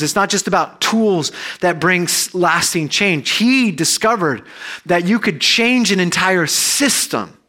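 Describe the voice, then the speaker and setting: Bright-voiced man preaching a sermon. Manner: conversational preaching, swells loud and high then drops soft and low. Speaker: pastor. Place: church.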